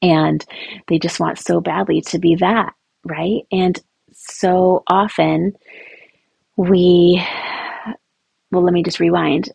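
A woman hosting a casual advice talk for mothers, chatty and animated, acting out little quoted lines. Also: on the low side, takes it slowly, pauses often, dry recording. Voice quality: gravelly, husky. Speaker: podcast host speaking to mothers.

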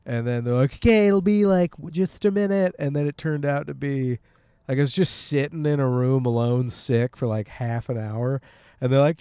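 A man's voice: mid-range voice, moderate pace, dark tone, clean tone, no echo, clean studio sound. A man hosting a podcast, talking casually while driving, sick with a sore throat, joking, swearing and laughing often. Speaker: podcast host. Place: car, on the road.

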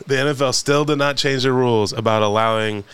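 A man's voice: mid-range voice, fairly quick, fairly bright tone, clear, resonant tone. A man co-hosting a casual podcast chat, laid-back and agreeable, drawing out his remarks. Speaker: podcast co-host.

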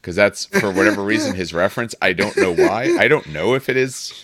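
Podcast co-host, man, very low voice, dry close sound, patient teacherly explainer. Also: big pitch swings, fairly quick, a bit bright, no room sound. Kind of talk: casual chat.

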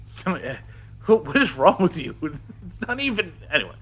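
A man's voice: on the high side, big pitch swings, unhurried, a bit bright, slightly rough. A man hosting a podcast, with joking, exasperated banter. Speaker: podcast host. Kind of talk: casual chat.

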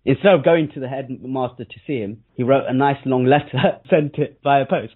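A young man recounts a childhood story in relaxed, chatty storytelling, laughing often between lines. His voice sits at an ordinary pitch and comes through a thin, phone-like band. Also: brisk, hardly any pauses. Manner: laughs often while telling stories. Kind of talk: casual storytelling chat. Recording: tinny phone-like sound.

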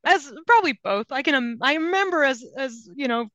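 A woman's voice: high-pitched, expressive, fairly quick, sharp tone, no echo. A woman guest in a casual gaming chat, talking in a loose, filler-heavy way and laughing often. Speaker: podcast guest.

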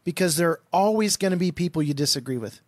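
A man's voice: a little high, expressive, quick pace, dry recording. A man co-hosting a casual Christian talk stream, reading scripture aloud and pressing his partner with questions. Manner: probing, pushes questions, reads verses aloud.

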